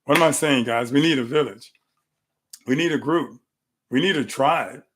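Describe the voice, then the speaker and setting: A middle-aged man hosting a live health talk from his clinic room, telling animated stories and repeating phrases for emphasis. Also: mid-range voice, moderate pace, noisy background.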